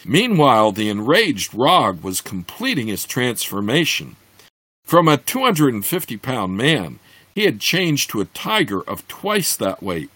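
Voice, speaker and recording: A man reading a fantasy novel aloud, expressive, with occasional slips and restarts. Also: medium pitch, slightly rough, no echo. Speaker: reader.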